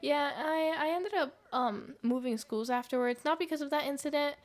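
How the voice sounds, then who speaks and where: A woman's voice: high-pitched, moderate pace. A young woman streamer chatting casually while gaming, rambling through anecdotes with fillers and laughs.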